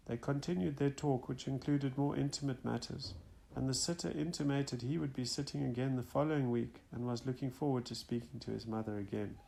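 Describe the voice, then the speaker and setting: A man reads a first-person account aloud in a steady, measured way. His voice has a gravelly, creaky texture at a middle pitch. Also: a little hiss or hum. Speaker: audiobook narrator. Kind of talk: first-person nonfiction audiobook reading.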